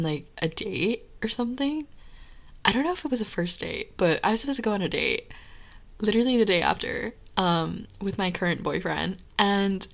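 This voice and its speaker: Young woman, slightly low voice, casual animated storyteller, filler-heavy. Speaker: podcast guest telling a personal story.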